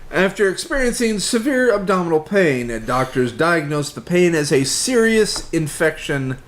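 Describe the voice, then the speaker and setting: A man's voice: a little high, sing-song, normal speed. A man co-hosting a casual comedy news podcast, reading out odd stories and joking along. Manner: reads news items aloud between jokes. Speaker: podcast co-host.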